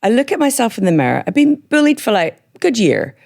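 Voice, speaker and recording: A woman from northern England with a hybrid northern English and Scottish accent, talking frankly as a podcast guest, chatty and quick to laugh. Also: fairly high pitch, sing-song, vocal fry, a little mellow. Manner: frank, chatty, laughs often, slows for emphasis. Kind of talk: candid personal interview.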